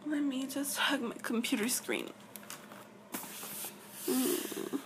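Soft whispering woman, whispered role-play. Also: high-pitched, slow pace, noisy background. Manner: soft, affectionate, often dropping to a whisper. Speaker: ASMR role-play girlfriend on a video call.

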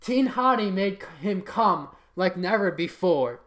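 Bright, lively comic reader. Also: medium pitch, a little slow. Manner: mock-serious reading, breaking into laughter; occasional announcer voice. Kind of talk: reading titles aloud for comic effect.

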